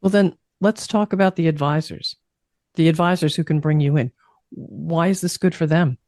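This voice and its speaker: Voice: medium pitch, moderate pace, darkish tone, dry recording, studio quality. Hesitant, laughing interviewer. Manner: thoughtful, hesitant, laughs along. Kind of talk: casual interview chat.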